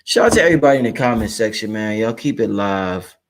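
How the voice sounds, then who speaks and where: A man's voice: lowish voice, animated, fast talker. A man hosting a livestream, talking casually, profane and emphatic, repeating lines for effect. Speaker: livestream host.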